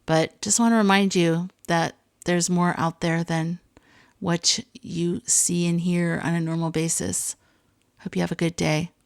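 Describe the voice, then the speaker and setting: A woman's voice: lowish voice, little pitch movement, a little slow, clean tone. A woman hosting a podcast, chatting casually and reading listener stories aloud, with many asides and fillers. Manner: conversational, lots of fillers and asides. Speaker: podcast host.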